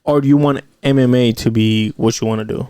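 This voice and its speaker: A young man hosting a podcast in a relaxed, loose way, swearing freely and often restarting his sentences. His voice sits in a middle register and is recorded dry and close. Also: medium pitch, fairly quick, smooth, no room sound. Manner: relaxed, swears freely, frequent backchannel yeahs. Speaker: podcast host. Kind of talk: casual podcast chat.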